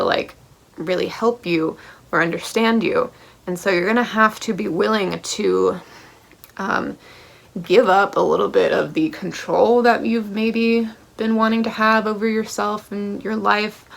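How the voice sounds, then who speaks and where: A woman's voice: mid-range voice, fairly even intonation, measured pace, vocal fry. A woman giving a tarot reading to camera, blunt and passionate, swearing freely and checking in with the listener as she goes. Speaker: tarot reader.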